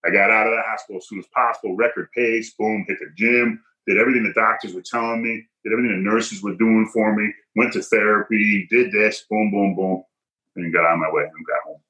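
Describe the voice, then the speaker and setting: A man's voice: on the low side, fairly even intonation, fairly quick, sharp tone, rough recording. A man guest in a podcast interview, telling a personal story in an emphatic, punchy way and acting out quoted dialogue.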